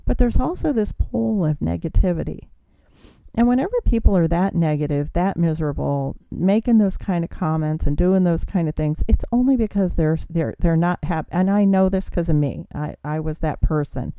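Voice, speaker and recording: A woman's voice: lowish voice, lively intonation, moderate pace, no room sound, narrow, tinny audio. A woman hosting a podcast, giving an earnest motivational talk full of rhetorical questions and coaching asides. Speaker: podcast host. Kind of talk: motivational monologue.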